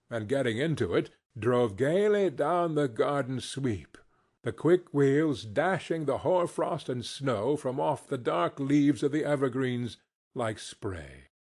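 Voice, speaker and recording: A man narrating a classic novel as an expressive audiobook reading. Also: medium pitch, measured pace. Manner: expressive, storytelling. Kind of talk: scripted narration.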